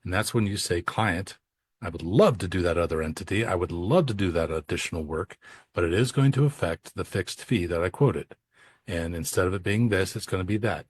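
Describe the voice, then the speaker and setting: This man's voice sits low and is a little rough. He co-hosts an accounting podcast and coaches accountants, spinning casual stories in which he plays out the dialogue of client phone calls.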